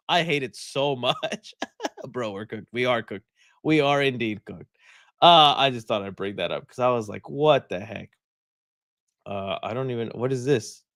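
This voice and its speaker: A man's voice: high-pitched, fairly bright tone, dry recording, studio quality. A young man hosting a live stream, chatting casually, joking and laughing often as he rambles.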